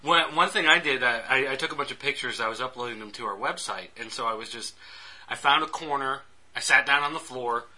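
A man's voice: medium pitch, a little fast, sharp tone, poor audio. A man co-hosting a podcast, telling wry anecdotes in casual chat.

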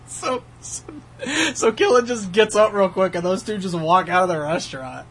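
A man's voice: sits high, a little slow, pauses often, slight background noise. A man co-hosting a casual podcast chat, telling a story with lots of laughter. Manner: animated storyteller, laughs often. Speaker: podcast co-host.

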